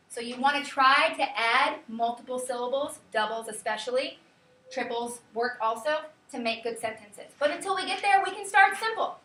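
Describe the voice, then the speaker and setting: A woman teacher giving a lively classroom lecture, quizzing her students and counting out rhythms aloud. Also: a little high, moderate pace. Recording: echoey classroom from far off, faint hiss.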